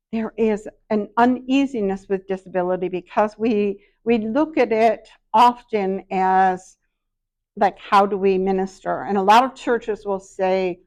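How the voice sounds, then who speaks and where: A middle-aged woman giving a workshop talk, telling personal stories in a self-deprecating, anecdotal way. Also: mid-range voice. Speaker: workshop speaker.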